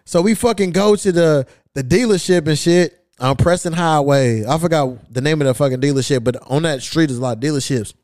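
Guy on a podcast, kinda high voice, super dry close sound, cussing a lot while he tells a story. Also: fairly quick, hardly any pauses, a little mellow, no room sound. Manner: profane, acts out quoted voices. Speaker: podcast host. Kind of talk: casual storytelling chat.

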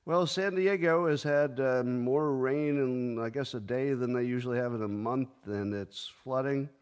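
An older man in his sixties talks through the day's news on his own show, casual and unhurried. His voice sits in an ordinary middle range. He jokes with a deadpan, sarcastic edge and now and then bursts into mock outrage. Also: mid-range voice, clean tone. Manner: sarcastic, deadpan joking with sudden mock outbursts. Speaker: podcast host. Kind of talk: casual solo commentary.

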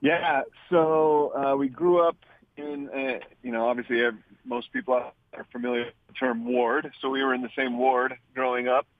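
A man's voice: medium pitch, fairly even intonation, moderate pace, no room sound. A man calling in as a radio guest, talking in a rambling way with many hesitations. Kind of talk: casual interview. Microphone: phone line. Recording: tinny phone line.

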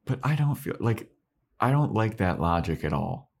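Lively low-voiced man recapping a show. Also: moderate pace, creaky, breathy edge. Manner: animated retelling, acts out lines in high falsetto voices. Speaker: podcast co-host. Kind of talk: casual chat recapping an episode.

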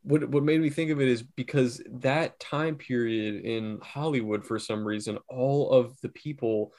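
A man's voice: medium pitch, a little slow, a little mellow. Rambling podcast co-host, a man. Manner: rambling storyteller, lots of fillers. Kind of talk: casual chat.

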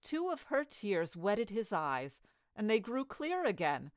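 A woman reading a fairy tale aloud as a storyteller, with an expressive storybook delivery. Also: medium pitch, slow pace, no room sound.

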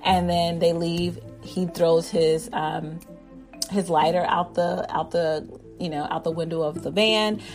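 A woman's voice: on the low side, fairly even intonation, a little slow, darkish tone, soft background music. A woman giving an enthusiastic, rambling recap of a drama episode, full of fillers. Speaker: drama reviewer.

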